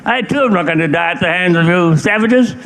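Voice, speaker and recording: Man doing a pompous Englishman, high, loud, defiant. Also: a little fast. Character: proud, defiant Englishman, male.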